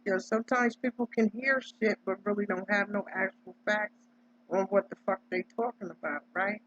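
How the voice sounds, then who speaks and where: A husky woman from Delaware holds forth in a casual, preachy monologue, pressing each point and checking in with "right?" as she goes. Her voice sits in a middle range and comes through dull, lo-fi audio. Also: mid-range voice, fairly even intonation, normal speed, a bit bright. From Delaware, United States. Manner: emphatic, preachy, tags lines with "right?". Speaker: vlogger.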